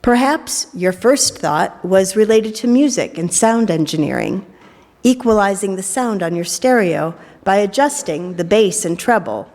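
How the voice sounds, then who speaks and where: During worship in a church sanctuary, a middle-aged woman minister delivers a sermon playfully, tossing in joking asides. Her medium-pitched voice is expressive and slightly mellow, at a measured pace, with the long reverb of a large hall.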